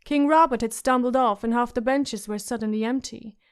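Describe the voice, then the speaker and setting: A woman narrating a fantasy audiobook in a measured, even storytelling manner. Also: fairly high pitch, smooth. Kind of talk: scripted narration.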